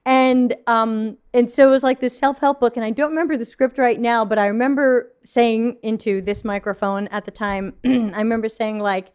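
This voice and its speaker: Fiery, blunt woman with a high voice. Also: moderate pace, clean tone. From New York. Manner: blunt, fiery, swears freely. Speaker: UX consultant, co-host. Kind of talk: casual panel chat.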